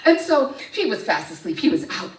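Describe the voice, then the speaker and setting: A woman storyteller telling a tale live to an audience, animated and playful, heard in a hall from a distant mic. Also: on the high side, brisk, heavy background noise.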